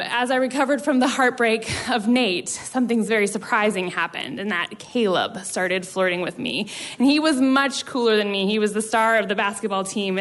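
A woman's voice: fairly high pitch, a bit bright. A young woman telling a funny personal story live at a story slam, acting out quoted lines with self-mocking humor.

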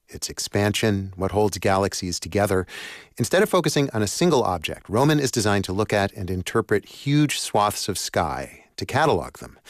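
A man with a fairly low voice reads a radio news story. His delivery is measured and clear. The studio sound is dry. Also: no room sound. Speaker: news reporter. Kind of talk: scripted radio news narration.

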